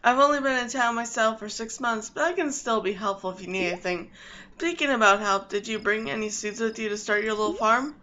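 A woman's voice: a little high, steady tone, a little fast, sharp tone. A woman voicing a cheerful male beekeeper who talks with upbeat sales patter.

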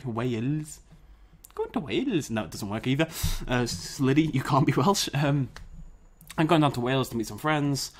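A British man hosting a gaming channel, chatting casually to camera in a jokey, self-mocking way, recorded on a dedicated mic. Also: medium pitch. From Britain. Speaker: YouTube gaming channel host. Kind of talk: casual vlog chat to camera.

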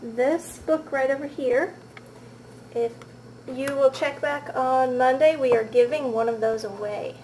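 A woman's voice: high voice, a little slow, a little mellow, a little hiss or hum, low-quality recording. A woman chatting casually in a home video, self-deprecating and talkative, filmed indoors at her house on a handheld camera. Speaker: home vlogger and mother.

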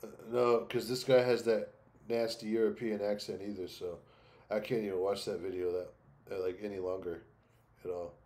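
A man's voice: on the low side, level tone, brisk, dark tone. A man streaming casual reactions to videos, talking bluntly with lots of swearing. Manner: crude, blunt and swearing, drawling.

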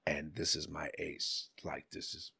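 A middle-aged man telling a story in a casual chat, animated and profane, acting out the people he quotes. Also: rumbling low, measured pace, gravelly, breathy edge. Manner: animated, swearing, acts out quotes in other voices. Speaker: podcast guest.

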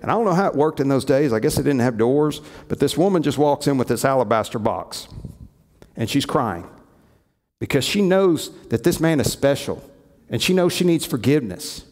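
A man's voice: medium pitch, animated, normal speed, a little mellow. A male pastor preaching a sermon, telling stories and acting out the quoted lines. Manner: storytelling, acts out quoted lines. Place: church sanctuary. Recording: echoey church hall.

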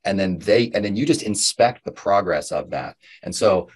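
Low husky-voiced male coach. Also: normal speed. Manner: casual, rambling, animated. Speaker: host, real estate coach. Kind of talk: interview conversation.

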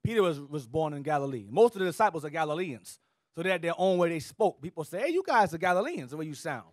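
A fairly high-voiced man leads a scripture class, cutting in to direct the reader and explain each passage in loose everyday slang. The sound is dry and close, with no room echo. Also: big pitch swings, quick pace. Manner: directive, interjecting "go ahead" and explaining in casual slang. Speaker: teacher leading a scripture class. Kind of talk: Bible class teaching.

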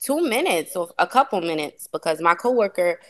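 A woman's voice: lowish voice, a little fast, no echo. A woman guest on a podcast, chatting casually, laughing often and telling stories with feeling. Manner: laughs often, expressive storytelling. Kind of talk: casual chat.

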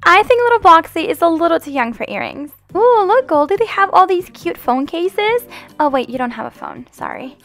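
A woman hosting a family game roleplay as the mom, gentle and motherly in a singsong way. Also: extremely high pitch, big pitch swings, normal speed, soft background music. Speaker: channel host roleplaying the mom.

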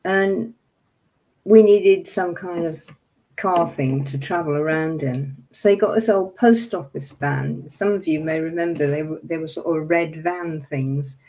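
A deep, mellow voice at a measured pace belongs to a livestream host in her seventies. She gets angry and emphatic in her casual, impassioned talk to viewers, then apologizes for the outbursts.

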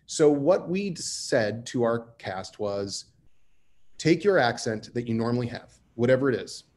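A man's voice: mid-range voice, expressive, unhurried, a little mellow, slight background noise. A man speaking on a panel, conversational and emphatic with dry humor. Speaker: writer on a panel. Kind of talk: panel discussion.

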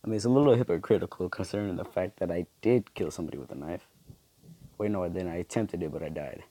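A young male gamer casually comments on his own shooter gameplay, slangy and trash-talking while joking at his own expense. His voice sits low and sounds mellow and slightly rough, and he talks fast over noisy game audio.

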